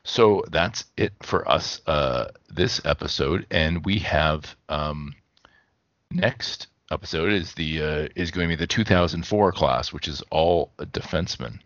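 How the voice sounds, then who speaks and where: A man's voice: a bass voice, a little slow, a bit bright, no echo, highs cut off. A man co-hosting a podcast in casual chat, thinking aloud and correcting himself as he goes. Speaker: podcast co-host.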